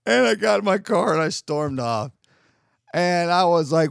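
A man's voice: a little high, lively intonation, normal speed, gravelly, clear, resonant tone, no room sound, studio quality. A man telling a long personal story as a podcast host, rambling and correcting himself as he goes. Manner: rambling, self-correcting, profane when retelling. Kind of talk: casual storytelling monologue.

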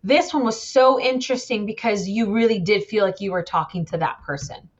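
Animated woman guest, dull lo-fi sound. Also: medium pitch, fairly quick. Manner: animated storyteller, acts out quoted voices. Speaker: podcast guest. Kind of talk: casual chat.

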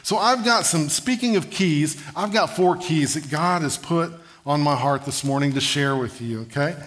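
A man preaching a sermon, telling humorous stories in an animated way and asking the congregation for an amen. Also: fairly high pitch, moderate pace. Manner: animated, humorous storytelling with call-and-response.

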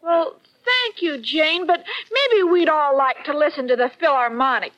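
A woman's voice: high voice, a little slow, a bit bright. An actress playing a naive, giggly young woman who fakes being ill, in 1940s radio comedy style. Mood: sweetly earnest. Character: scatterbrained young woman faking illness. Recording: scratchy old radio recording.

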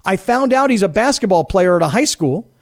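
A middle-aged man hosting sports talk radio, telling a story in an animated, indignant way. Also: sits high, fairly quick. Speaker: radio host.

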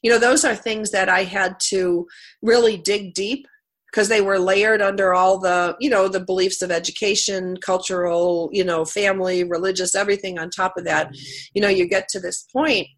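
A woman's voice: mid-range voice, fairly even intonation, moderate pace. A middle-aged woman hosting a radio talk show, who has a cold and tells stories chattily, laughing often. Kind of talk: casual interview chat.

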